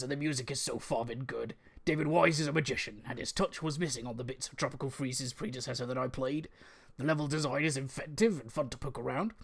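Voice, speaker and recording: A man's voice: mid-range voice, natural voice. A man reading a friend's comic game review script aloud in a put-on West Country accent. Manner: amused, stumbling over mild fake swears. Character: absent male co-host read aloud, mock American-turned-West Country.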